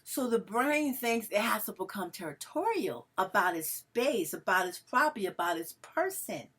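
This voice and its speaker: A husky, somewhat bright, medium-pitched female voice moves at normal speed with large pitch swings. The woman is vlogging a casual, emotional monologue to camera, calling herself melodramatic and treating her audience like family.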